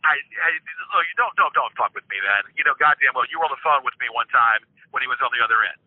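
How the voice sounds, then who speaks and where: A man's voice: mid-range voice, expressive, fast, slightly rough, dry recording. An older man on a phone call, profane and suspicious, stammering as he vows to find out who is pranking him. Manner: suspicious and defiant, rising in anger. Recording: dry tinny phone line.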